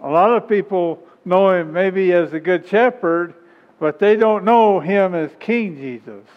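A man preaching a sermon and reading scripture, emphatic and rising in pitch on key points. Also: a little slow. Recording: dull sound with long hall reverb.

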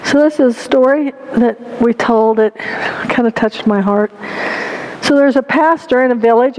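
A woman's voice: a little high, darkish tone, slight background noise, poor audio. Earnest woman telling a sermon story. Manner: earnest, heartfelt storytelling full of "you know".

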